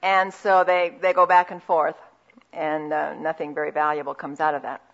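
A woman giving a conversational Christian talk on marriage, telling anecdotes and dropping into soft asides. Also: low voice, little pitch movement, moderate pace. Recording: dull lo-fi recording.

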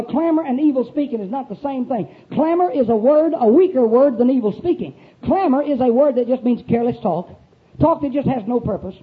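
High-voiced preacher, tinny recording. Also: male voice. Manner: emphatic, folksy, plain-spoken, asks the congregation questions. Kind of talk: sermon.

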